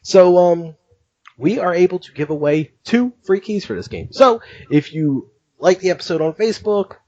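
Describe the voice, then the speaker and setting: A man hosting a podcast, recounting things in an animated, chatty way and laughing often. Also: sits high, normal speed, highs cut off. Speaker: podcast host. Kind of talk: casual podcast chat.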